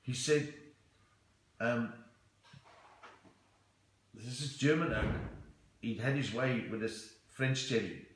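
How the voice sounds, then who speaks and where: He talks slowly and pauses often in a medium pitch, with an echoey room and a little hiss or hum on the recording. This South African man is live-streaming a playful comedy chat from home, reading comments in a chatty way and slipping between accents.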